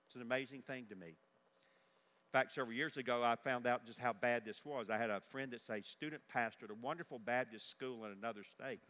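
A man's voice: mid-range voice, a little fast, pushed and bright. An older man preaching a sermon in earnest, repeating his key questions for emphasis. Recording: echoey large hall.

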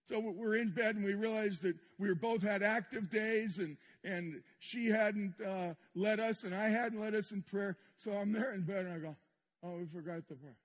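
A man's voice: sits high, moderate pace, few pauses. An older man preaching a sermon to a congregation, telling a personal story in a candid, self-deprecating way with touches of humor. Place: church sanctuary with congregation. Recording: long reverb in a large hall.

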